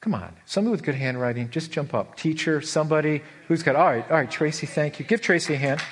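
A middle-aged man preaching a sermon as pastor, animated, with his voice leaping high for emphasis and slowing right down on key words. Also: breathy edge. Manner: animated, voice leaps high for emphasis, drawn-out slow stresses.

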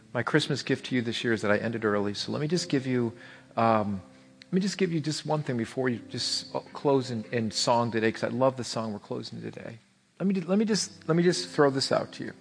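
A man's voice: medium pitch, lively intonation, a little fast, vocal fry, big-room sound. A man preaching a sermon as pastor, earnest and repetitive, rising to pleading peaks. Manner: earnest, repeats words, swells to pleading peaks.

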